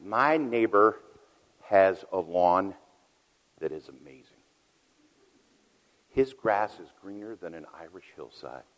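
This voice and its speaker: A deep-voiced middle-aged man preaching in a big hall where his words ring out with a long echo. He tells his story with loud peaks and hushed, quiet asides, the way a pastor talks from the pulpit. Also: animated, slow pace, long pauses. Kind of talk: sermon. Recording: long reverb of a large hall.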